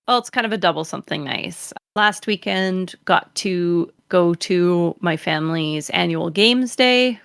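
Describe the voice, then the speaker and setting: A woman chats on a podcast in a low, gravelly voice. She sounds cheerful and unhurried. Her sound is dry and close, with no room around it. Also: fairly bright tone, no room sound. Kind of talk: casual podcast chat.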